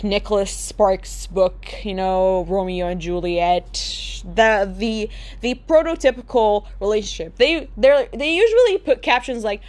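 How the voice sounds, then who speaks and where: A young woman vlogger delivers a comedic rant in a mid-range, slightly mellow voice. She sounds exasperated and sarcastic and swears freely.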